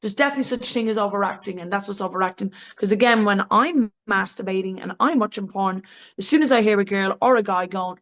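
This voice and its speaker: A woman's voice: fast, low-quality recording. Blunt, laughing woman. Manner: blunt, laughing, mimics voices with big pitch jumps. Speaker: interview guest, adult film actress. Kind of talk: candid casual interview.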